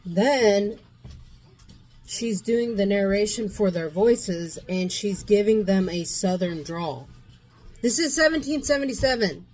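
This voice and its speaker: Slow-talking woman book vlogger. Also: mid-range voice, a little mellow. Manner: rambling, thinking aloud with fillers. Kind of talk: casual chat.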